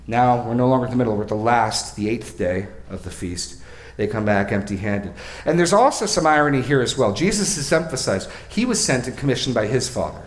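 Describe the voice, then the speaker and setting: A man's voice: mid-range voice, animated, fairly quick, reverberant. A male pastor preaching an expository sermon. He asks questions of his listeners and repeats phrases for emphasis.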